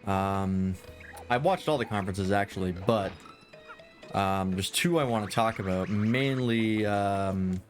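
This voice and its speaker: Rambling low-voiced man streaming a game. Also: measured pace, faint music behind. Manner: rambling, self-deprecating, swears casually. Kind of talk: casual gameplay chat. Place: home room with a VR setup.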